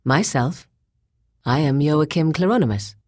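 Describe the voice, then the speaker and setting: Woman doing a low calm cyborg guy, deep and resonant, short cool answers, dry sound. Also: a little slow, no room sound.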